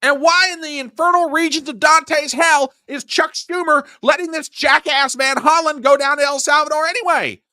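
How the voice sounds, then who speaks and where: A man's voice: very high-pitched, fairly even intonation, moderate pace, few pauses, bright, forceful tone, no room sound, studio quality. A man hosting a political commentary show, ranting with exasperated sarcasm. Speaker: host.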